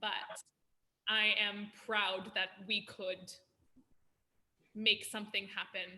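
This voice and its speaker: A woman's voice: medium pitch, little pitch movement, takes it slowly. A woman host giving emotional, effusive thanks to her guests. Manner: emotional, effusive, soft-spoken. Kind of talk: heartfelt closing remarks.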